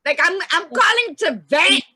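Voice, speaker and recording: Woman co-host, chatty and emphatic storyteller, bright tone. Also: very high voice, expressive, moderate pace, no room sound. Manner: long-winded storyteller, emphatic. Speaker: podcast co-host. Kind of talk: casual chat.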